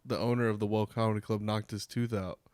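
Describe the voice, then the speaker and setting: A man's voice: on the low side, little pitch movement, fast talker, darkish tone, smooth, no echo. A man co-hosting a comedy podcast, making wisecracks in casual banter.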